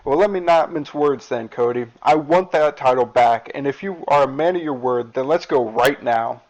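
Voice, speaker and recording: A man's voice: medium pitch, moderate pace, natural voice. A man voicing a fiery male wrestler who bluntly demands his title back. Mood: fired up. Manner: blunt, challenging. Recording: dull lo-fi recording.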